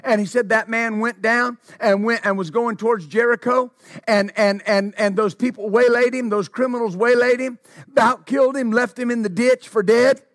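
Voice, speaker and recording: At a normal speed and in a very high-pitched voice, a man preaches, repeating phrases, asking the congregation questions, and crying hallelujah. Excitement makes him stumble over words. The studio-quality recording has no echo.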